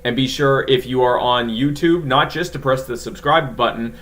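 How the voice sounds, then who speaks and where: Quick, self-mocking podcast host. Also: male voice, medium pitch, a bit bright. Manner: rapid, self-correcting, laughs at own flubs. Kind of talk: casual podcast chat.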